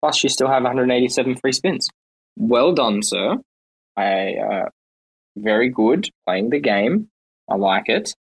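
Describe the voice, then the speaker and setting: A man's voice: mid-range voice, lively intonation, unhurried, husky, poor audio. A man co-hosting a casual chat, joking and teasing as he plays along. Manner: joking, teasing, playfully scolding.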